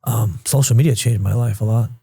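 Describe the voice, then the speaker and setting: A man's voice: fairly low pitch, a little fast, gravelly, dark tone, breathy edge, no echo, clean studio sound. A man in his thirties from New York, a podcast guest talking earnestly and emotionally, repeating himself when moved. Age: 30s. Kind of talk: casual interview chat.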